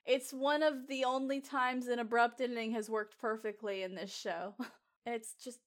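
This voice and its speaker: A woman with a slightly high voice co-hosts a casual podcast. She talks with eager enthusiasm, restarting sentences and laughing between thoughts. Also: fairly even intonation, normal speed, fairly bright tone. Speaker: podcast co-host. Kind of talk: casual chat.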